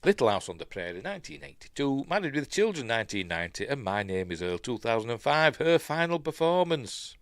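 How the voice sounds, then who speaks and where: A man's voice: mid-range voice, big pitch swings, brisk, hardly any pauses, no echo, studio quality. An older man with a Yorkshire accent, hosting a casual news live stream, rambling and reading chat comments aloud. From Yorkshire, England.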